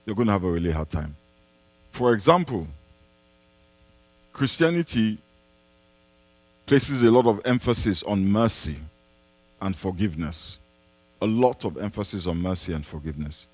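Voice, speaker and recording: A man's voice: on the low side, animated, normal speed, pauses often, dry recording. A man, a pastor answering a congregation's questions in an emphatic preaching style, repeating key phrases and posing rhetorical questions. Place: church.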